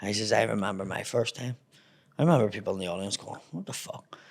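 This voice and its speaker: Gravelly low-voiced Belfast man. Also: steady tone, fast talker. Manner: swears constantly, acts out voices in anecdotes. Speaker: comedian guest. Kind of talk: casual storytelling chat.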